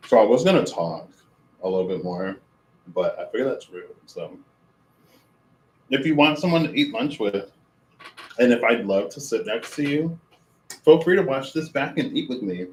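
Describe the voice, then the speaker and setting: A man's voice: medium pitch, lively intonation, normal speed, pauses often, roomy sound, slight background noise, rough recording. A man streaming casually at home, rambling and amused with himself while he cooks and eats. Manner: rambling, self-amused, talks with mouth full. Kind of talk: casual livestream chat while cooking and eating.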